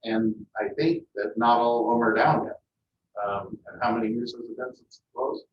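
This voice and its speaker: A man's voice: mid-range voice, normal speed, a little hiss or hum. Guy answering questions at a city meeting, lots of ums, roomy muffled sound from far off. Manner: plainspoken, hesitant with frequent ums. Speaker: airport manager. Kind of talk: meeting discussion. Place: council meeting room. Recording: echoey, distant, muffled meeting audio.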